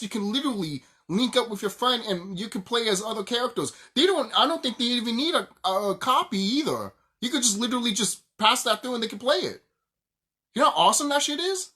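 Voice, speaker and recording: A young man on a casual video rant, swearing as he goes and laughing in bursts. His pitch swings widely from low grumbles to excited highs. He keeps repeating himself to hammer the point home. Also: breathy edge. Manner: heated, profane, laughs often, repeats himself. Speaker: YouTuber ranting about games.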